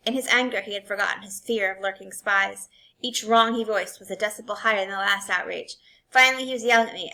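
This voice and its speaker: A woman reading a novel aloud in an expressive way, shifting between quiet and intense passages. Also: mid-range voice, fast, vocal fry. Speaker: reader.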